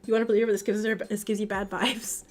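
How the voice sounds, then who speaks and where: A woman's voice: medium pitch, level tone, fast talker, faint music behind. A woman streaming a story game, reading along and making chatty, laughing asides. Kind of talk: live game read-along with commentary.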